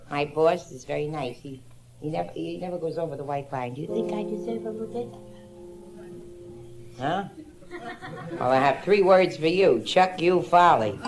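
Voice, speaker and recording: A woman's voice: low voice, expressive, moderate pace, long pauses, crowd noise. A middle-aged woman doing bawdy stand-up comedy in a nightclub, teasing the audience on a handheld mic. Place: nightclub stage with live audience. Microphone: handheld stage mic. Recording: roomy early-1960s live club recording with music.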